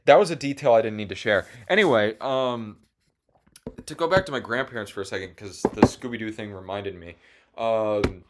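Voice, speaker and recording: A man's voice: on the low side, normal speed, a little hiss or hum. A man in his twenties talking casually on his own podcast, rambling and swearing, and at times choked up. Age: 20s. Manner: rambling, full of restarts and swearing. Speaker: podcast host. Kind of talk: casual solo chat.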